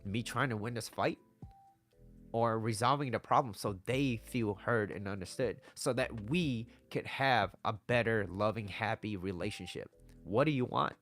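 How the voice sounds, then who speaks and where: A man with a fairly low, fairly bright voice speaks at normal speed over faint background music. A dating and relationship advice vlogger, he talks casually to camera, giving blunt advice, swearing freely and repeatedly checking in with "right?"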